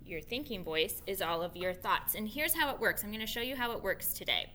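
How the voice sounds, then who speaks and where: A woman teacher modeling a reading lesson for young children on her own camera, expressive and patient, repeating key points slowly. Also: mid-range voice, a little hiss or hum.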